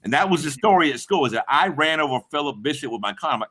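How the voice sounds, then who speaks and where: A middle-aged man with a bright, slightly high voice tells rambling, profane stories on a livestream. His pitch jumps around a lot as he acts out the people in his stories. He talks casually to viewers in the chat. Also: animated, fast talker. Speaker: livestream host. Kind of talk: casual storytelling to a live chat.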